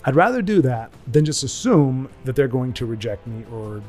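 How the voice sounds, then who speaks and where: A man's voice: mid-range voice, big pitch swings, moderate pace, a little mellow, soft background music. A man hosting a gaming channel, chatting casually and rambling over his gameplay, correcting himself often and slipping into goofy voices when he quotes people. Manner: rambling, self-correcting, folksy asides.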